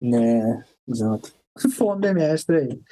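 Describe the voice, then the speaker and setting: As a podcast guest, a man tells rambling anecdotes in a mid-range, sing-song, dark voice, speaking a little slowly over poor audio. He swears constantly, bursts into laughter and acts out quoted voices in his casual storytelling.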